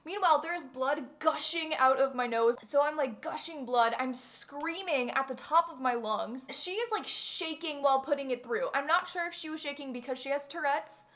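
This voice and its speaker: A young woman with a high voice tells a storytime vlog. She is animated and dramatic, piling on fillers as she goes. Her delivery is casual and chatty. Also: normal speed, hardly any pauses. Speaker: vlogger.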